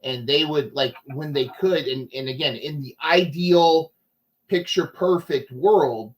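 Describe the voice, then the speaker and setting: A man hosts a podcast in a voice that sits somewhat high for a man. He comes across as eager. He keeps breaking off and restarting his sentences. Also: a little slow, rough recording. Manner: eager, with many stammering restarts. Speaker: podcast host. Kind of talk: casual podcast interview.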